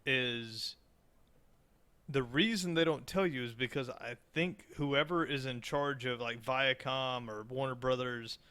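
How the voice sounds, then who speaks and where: A man's voice: mid-range voice, sharp tone. A man co-hosting a podcast in loose, joking chat, rambling with restarts and swearing. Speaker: podcast co-host. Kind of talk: casual chat.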